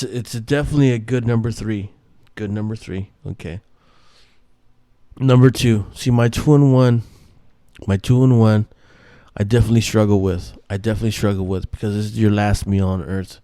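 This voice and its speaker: Man, casual rambling host, profane, smooth voice, dry close sound. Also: fairly low pitch, fairly even intonation, moderate pace, warm tone, dry recording. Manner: rambling, profane, many restarts and fillers. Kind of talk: casual monologue.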